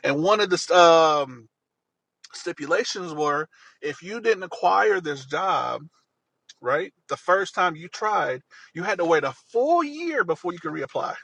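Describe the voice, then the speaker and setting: A man's voice: high voice, animated, unhurried, creaky, fairly bright tone, husky, no echo, low-quality recording. A man telling a personal story in an earnest, rambling way, often repeating himself.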